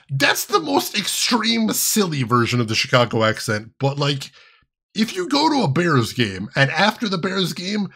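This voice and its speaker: Male game streamer, chatty, laughs often, animated pitch, bright husky voice. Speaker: gaming streamer. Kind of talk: casual gaming commentary.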